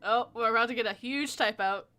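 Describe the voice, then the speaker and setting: A woman's voice: on the high side, fairly quick, bright, forceful tone. Giggly woman hosting a chat. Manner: giggly, reads chat messages aloud, punny. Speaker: podcast host. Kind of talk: casual livestream chat.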